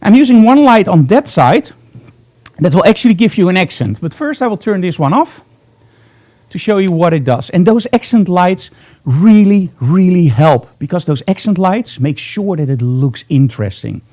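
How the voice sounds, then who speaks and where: Lively, mellow-voiced photography teacher. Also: male voice, high voice, normal speed. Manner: chatty and upbeat, thinking aloud while working. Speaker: photography instructor. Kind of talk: live studio demonstration. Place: photo studio.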